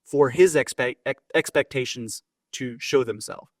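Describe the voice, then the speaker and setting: A man's voice: medium pitch, unhurried, no echo, clean studio sound. A man co-hosting a faith podcast and preaching in casual chat, rambling with many restarts.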